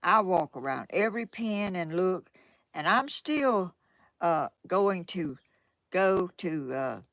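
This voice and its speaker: An older woman with a Southern drawl talks slowly through a rambling home vlog, circling back and repeating her words. Her voice has a gravelly, creaky texture. The sound is close and dry, with no room around it. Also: on the low side, animated, a bit bright, no room sound. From Georgia, USA. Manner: rambling, repeats herself, homespun and religious. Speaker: vlogger. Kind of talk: casual home vlog monologue.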